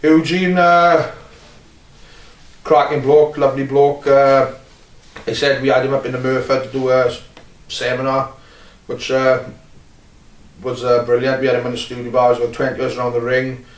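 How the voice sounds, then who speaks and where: A man's voice: mid-range voice, flat delivery. Rambling Welsh man in a roomy space. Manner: rambling, blunt, many filler pauses. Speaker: wrestler being interviewed. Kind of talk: casual shoot interview. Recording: roomy, distant mic.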